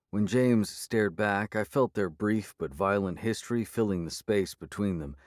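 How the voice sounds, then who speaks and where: A man narrating an urban fantasy audiobook in the first person, measured and steady. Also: fairly low pitch, dry recording, studio quality.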